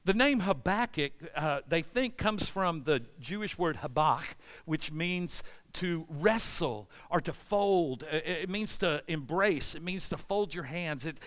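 A middle-aged man preaching a sermon as pastor, animated and voicing anguished prayers to God. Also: on the high side, a little slow.

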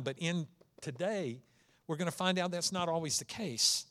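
A man's voice: fairly high pitch, moderate pace, fairly bright tone. A man preaching a conversational sermon, telling stories and stressing key words. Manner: conversational, storytelling with dynamic emphasis. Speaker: pastor.

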